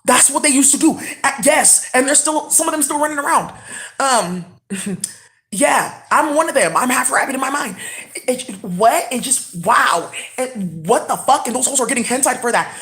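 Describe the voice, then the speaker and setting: A woman talking in a rambling monologue. She swings between hushed whispers and loud, excited outbursts. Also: sits high, normal speed.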